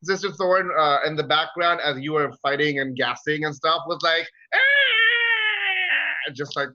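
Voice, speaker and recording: A man runs a tabletop game in a halting way, full of fillers and restarts. His voice sits a little high and sounds bright. It comes through a dull, lo-fi mic. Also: fairly even intonation. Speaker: game master.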